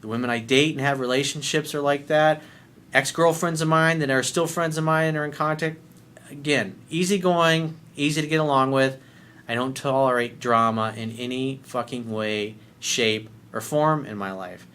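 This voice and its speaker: A man's voice: mid-range voice, moderate pace, a bit bright, clear, resonant tone. Blunt, emphatic male coach. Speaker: dating and life coach. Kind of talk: video coaching monologue.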